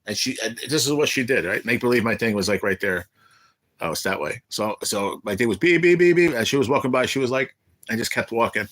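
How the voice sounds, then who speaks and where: A man's voice: lowish voice, a little fast, a bit bright, dry recording. A middle-aged man hosting a casual livestream, telling blunt, profane stories and answering chat. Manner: blunt, profane storytelling, reading chat aloud. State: sick, undergoing cancer treatment. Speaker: livestream host. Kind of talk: casual live-stream chat. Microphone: phone or webcam.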